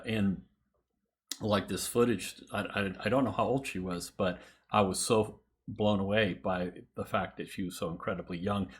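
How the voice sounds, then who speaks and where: A man hosting a casual music reaction chat, thoughtful, counting beats aloud and laughing often. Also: fairly low pitch. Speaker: host.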